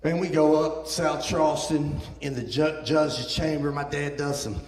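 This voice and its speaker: Guest preacher, man in his fifties, animated storyteller who acts out his quotes, in a reverberant sanctuary. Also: on the high side, measured pace. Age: 50s. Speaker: guest speaker. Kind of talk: sermon testimony storytelling. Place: church sanctuary. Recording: echoey church hall.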